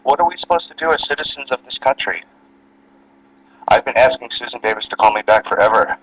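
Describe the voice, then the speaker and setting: A man's voice: medium pitch, lively intonation, brisk, a bit bright. A man from New Jersey with a Southern US accent, pleading and indignant as he talks on a phone call. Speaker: caller.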